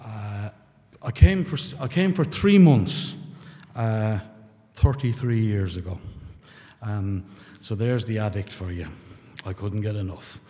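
Speaking slowly with frequent pauses, this middle-aged rural Irishman has a dark, lowish voice as he gives personal testimony at a recovery meeting. He's candid and blunt, with curses and self-mocking humor, and the meeting room carries a long hall reverb.

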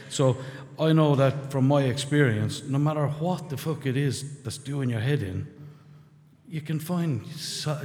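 A man's voice: mid-range voice, a little mellow. Blunt Irish man in a reverberant hall. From rural Ireland. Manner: blunt, candid, swearing, wry self-mocking humor. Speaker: member sharing at a recovery meeting. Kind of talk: personal testimony to a group. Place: meeting room.

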